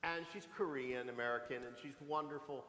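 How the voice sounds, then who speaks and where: A man in his sixties, a pastor giving a homily with animated, humorous storytelling in a church sanctuary. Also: mid-range voice, brisk, soft background music. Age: 60s. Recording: echoey church with long reverb.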